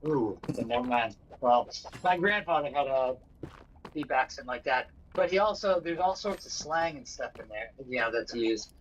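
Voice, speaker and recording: A man's voice: medium pitch, lively intonation, moderate pace. A man from the northeastern United States, co-hosting a livestream in rambling casual chat full of fillers and restarts. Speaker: livestream co-host. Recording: dull lo-fi stream audio with faint noise.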